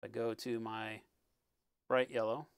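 A man talking through a live-stream painting tutorial in a relaxed, explanatory way, often checking in with "right?" and sometimes muttering as he works. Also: lowish voice, slow pace, vocal fry, clean tone, dry recording. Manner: muttering while working. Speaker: miniature painting instructor.

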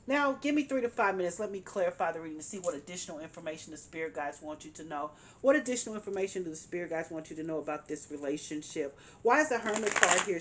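Emphatic woman giving a tarot reading. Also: medium pitch. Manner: emphatic, repeats phrases, addresses the listener directly. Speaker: tarot reader.

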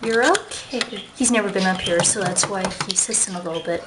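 A woman's voice: mid-range voice, fairly quick, background noise. A woman filming her pet birds at home with a handheld camera, explaining what they do and talking sweetly to them in a sing-song voice. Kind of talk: casual home video narration. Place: home room with a china cabinet. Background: bird chirps and squeals.

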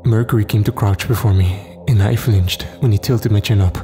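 A man narrating a first-person horror story in a measured, grim way. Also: lowish voice, fairly even intonation, music in the background.

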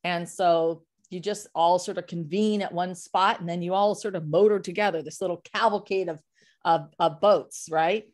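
A woman sales coach speaking as a podcast guest, explaining in an animated, emphatic way with vivid examples. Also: lowish voice, normal speed. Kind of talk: casual interview talk.

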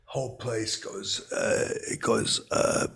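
Gravelly rambling man telling a story. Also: fairly low pitch, fairly even intonation, a little hiss or hum. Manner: rambling, halting, belligerent bluster with shouted asides. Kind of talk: rambling comedic anecdote.

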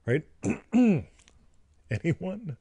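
A man's voice: high voice, sing-song, extremely slow, gravelly, mellow, slightly rough, no echo. A man co-hosting and teaching in a playful, joking and crude way, who keeps asking "right?". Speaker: co-host and teacher. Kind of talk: casual teaching chat on a livestream.

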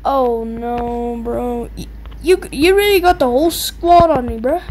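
A young woman giving excitable, taunting commentary while playing a video game, yelping and squealing at the action. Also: measured pace. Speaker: gamer. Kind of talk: gameplay commentary. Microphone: low-quality mic. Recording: faint noisy low-quality mic.

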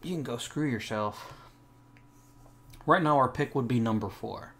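A man's voice: medium pitch, a little slow, fairly bright tone, slight background noise. A young man hosting a let's play of a baseball management game, talking through his choices and sarcastically snapping back at his own virtual players. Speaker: gaming channel host.

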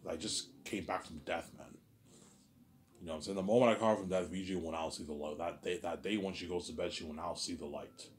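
A man talking alone in an intense, repetitive, rambling monologue, often trailing off quietly and swearing. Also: deep voice, slight background noise. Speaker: vlogger.

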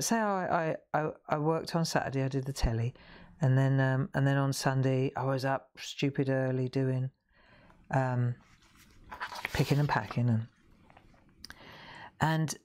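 A woman in her sixties hosts a live craft demonstration with a low, deep-set voice. She talks in a rambling, friendly way and often stops and restarts her sentences as she works. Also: unhurried, pauses often, a little mellow. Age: 60s. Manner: chatty, rambling, self-interrupting. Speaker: craft show host.

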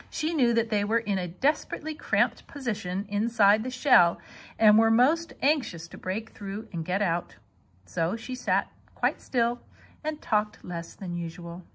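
A woman reading a children's novel aloud with expressive storytelling. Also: mid-range voice. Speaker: reader.

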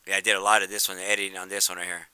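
A man talking casually over his video footage, eager and repetitive as he points things out, then turning soft and apologetic. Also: low-pitched, flat delivery, racing, smooth, no room sound. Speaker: video creator. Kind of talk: casual vlog commentary.

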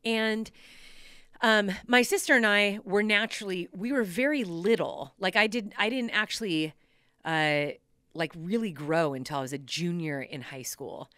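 Female podcast host, casual animated storyteller; smooth crisp tone, dry close sound. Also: mid-range voice, normal speed, dry recording. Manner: animated, laughs often while telling stories.

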